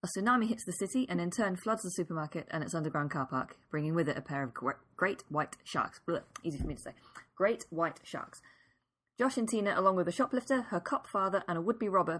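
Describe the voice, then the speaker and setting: A woman co-hosting a podcast, reading a film synopsis and chatting in a relaxed way with many "um"s. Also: fairly low pitch, racing, few pauses, slightly rough. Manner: relaxed, hedging with "um" and "uh". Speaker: podcast co-host. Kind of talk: casual chat and read synopsis.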